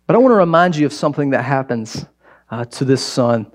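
A man preaching a sermon as pastor, talking to the church in a conversational way that jumps between loud exclamations and quiet asides. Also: mid-range voice, lively intonation, brisk.

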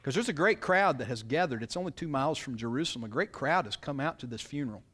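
The sermon comes from a pastor with a medium-pitched, expressive voice that is fast, a bit bright, and slightly breathy. He reads scripture aloud and explains it, often turning to listeners with rhetorical questions.

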